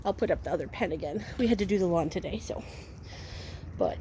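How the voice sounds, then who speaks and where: A woman dog breeder casually talking outdoors in a backyard, slipping into squeaky sing-song baby talk for her puppies. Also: brisk, pauses often. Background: faint outdoor noise with distant fireworks.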